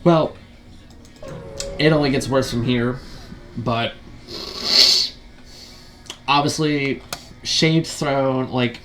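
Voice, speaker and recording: A man's voice: mid-range voice, steady tone, very slow, long pauses, faint music behind. A man ranting as a gaming video commentator, frustrated and profane, full of rhetorical questions and repeated fillers.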